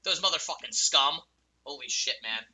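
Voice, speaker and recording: A young man streaming a game. His voice is piercingly bright and swings widely in pitch, from low mutters to high, yelling outbursts. He rants furiously and curses at other players, then slips back into telling a personal story. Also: animated, moderate pace, slight background noise. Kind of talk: ranting gameplay commentary and personal storytelling.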